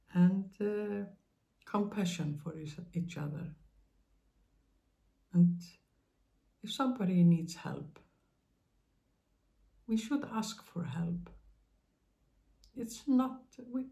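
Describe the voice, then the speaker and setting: A woman hosting her own spiritual channel, speaking in a gentle, halting monologue with many pauses and fillers, offering tender reassurance to her listeners. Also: fairly low pitch, gravelly.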